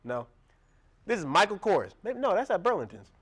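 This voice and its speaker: Animated young man preaching, raised voice. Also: sits high, moderate pace, slightly rough. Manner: animated, laughing, acts out quoted voices. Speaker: pastor. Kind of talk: sermon.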